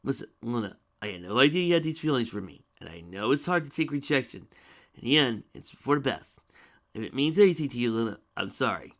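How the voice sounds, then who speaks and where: A man voicing a young male dragon who talks earnestly and pleadingly to calm a villain. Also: mid-range voice, fairly quick.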